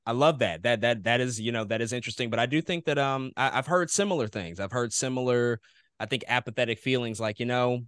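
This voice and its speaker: The voice is a man at mid pitch, recorded close and dry with almost no room sound. He hosts a casual podcast chat, thinking out loud and musing as he asks his questions. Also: fast, clean tone, dry recording. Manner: musing, thinks aloud while asking questions. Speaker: podcast host. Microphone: podcast microphone.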